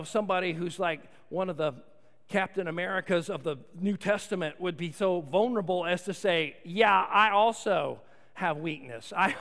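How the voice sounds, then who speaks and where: A man preaching a sermon as pastor, swinging from soft, intimate lines to loud, emphatic ones. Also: sits high. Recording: long hall reverb.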